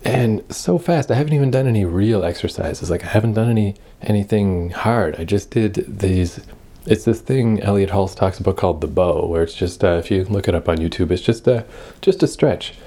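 A young man talks to his camera in a loose, rambling way, thinking aloud and swearing freely. His voice sits low and has a husky, slightly rough grain. The tone is dark and mellow. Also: normal speed. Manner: rambling, self-reflective, swears often. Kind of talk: casual personal vlog monologue.

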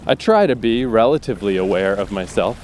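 A man's voice: on the low side, lively intonation, brisk, a little mellow, slight background noise. A man hosting a solo podcast, rambling in a loose, self-deprecating way and swearing freely. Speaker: podcast host. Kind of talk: casual solo monologue.

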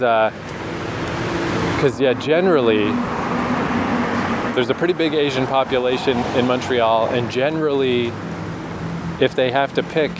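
A man from New Brunswick, Canada, chatting in a rambling casual travel vlog, laughing often as he talks. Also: mid-range voice. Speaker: travel vlogger. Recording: street traffic noise behind.

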